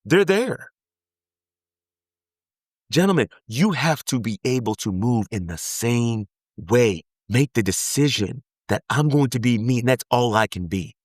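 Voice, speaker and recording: A man's voice: medium pitch, animated, normal speed, no room sound, studio quality. A man giving an earnest motivational self-help talk, pleading and repeating points for emphasis.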